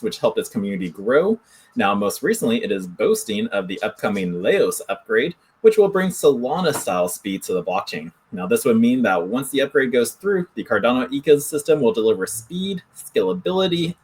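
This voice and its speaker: A man's voice: medium pitch, husky. A man hosting a casual crypto news show, reading and commenting in a loose, rambling way with some restarts.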